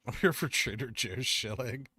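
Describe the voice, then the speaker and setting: Lively chatty Southern Californian man. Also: medium pitch, normal speed, no echo, studio quality. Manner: reads chat comments aloud and answers them, chatty, says "like" often. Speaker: streamer reading chat. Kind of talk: casual live-stream chat.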